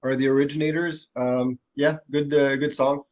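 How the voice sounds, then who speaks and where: Male co-host, hesitant, halting casual chat. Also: medium pitch, level tone. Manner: hesitant, many fillers and restarts.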